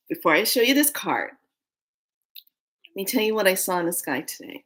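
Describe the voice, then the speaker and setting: A woman chatting excitedly as she gives a spiritual card reading, often repeating words for emphasis. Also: medium pitch, moderate pace, pauses often. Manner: animated and excitable, breaking into whispers and laughs.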